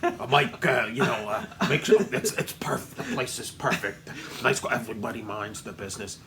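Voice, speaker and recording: A man's voice: medium pitch, moderate pace, a crowd in the background. A man joking in a casual film chat, dropping into gangster-style impressions.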